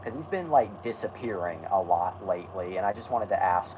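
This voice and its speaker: A man's voice: deep voice, lively intonation, a little fast, hardly any pauses, darkish tone, a little hiss or hum, poor audio. A man hosting a casual stream, rambling and correcting himself while answering chat. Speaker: host.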